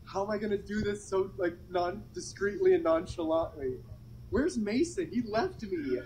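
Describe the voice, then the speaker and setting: High-voiced flustered young man. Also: lively intonation, normal speed, a little mellow, slight background noise, rough recording. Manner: flustered, anxious, rambling and swearing. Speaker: vlogger doing a dare. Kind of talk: casual vlog to camera. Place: outdoors by a public fountain.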